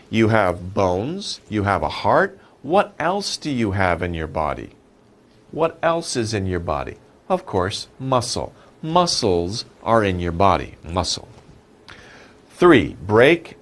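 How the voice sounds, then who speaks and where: A male English teacher talks through a lesson at an unhurried pace. His pitch moves a lot as he stresses key words. He asks questions and then answers them himself, patient and repetitive. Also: fairly bright tone. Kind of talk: slow, animated vocabulary lesson.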